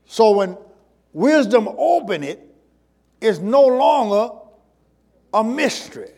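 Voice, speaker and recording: A man preaching a sermon with emphasis, swinging from loud calls to low, quick asides. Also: sing-song. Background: congregation.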